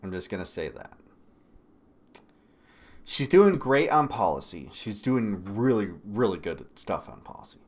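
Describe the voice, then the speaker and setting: A man from Michigan hosting a political commentary livestream. He talks bluntly and swears often, with sudden loud bursts between quieter asides. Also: on the low side, sing-song, a little slow, pauses often. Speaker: livestream host.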